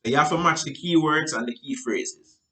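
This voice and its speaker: A man giving a casual sales training talk, looping back with "right?" and restarting sentences, and acting out client exchanges with sudden high and low voices. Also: normal speed, a bit bright. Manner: loose, repetitive, frequent "right?" and restarts; acts out client dialogue with big pitch jumps.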